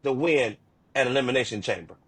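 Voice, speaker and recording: A man's voice: mid-range voice, brisk, a crowd in the background. A man co-hosting a podcast, telling wrestling stories in casual chat with lots of restarts. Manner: animated storytelling with repeated restarts. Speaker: podcast co-host.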